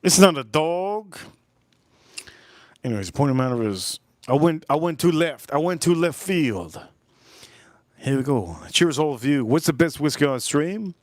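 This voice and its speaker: A man's voice: a little high, expressive, moderate pace, a little mellow, dry recording, studio quality. A man hosting a livestream, telling a rambling, crude story in a casual way and repeating himself as he goes. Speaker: livestream host.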